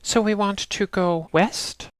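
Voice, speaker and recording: A woman narrating a game walkthrough in a steady, instructional way, talking the player through each step. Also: mid-range voice, slow pace, no room sound. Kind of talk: casual let's-play walkthrough narration.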